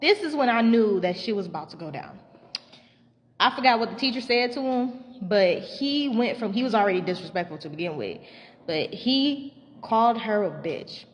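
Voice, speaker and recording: Woman telling a story to camera, animated and foul-mouthed, voice ringing with long reverb. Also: mid-range voice, normal speed. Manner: animated, profane, acts out quotes.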